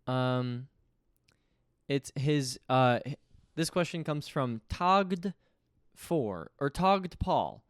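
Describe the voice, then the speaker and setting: A man's voice: medium pitch, animated, drawn-out words, long pauses, clean tone, dry recording, clean studio sound. A young man hosting his own podcast, talking casually in a rambling, self-deprecating way and often restarting his sentences. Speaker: podcast host. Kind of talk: casual solo podcast monologue.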